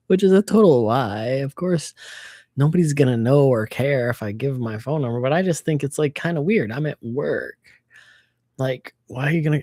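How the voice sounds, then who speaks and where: A woman livestreaming a casual chat, telling an animated story full of swearing. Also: a bass voice, a little slow, no echo, clean studio sound. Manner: animated storytelling, swears freely, acts out quotes.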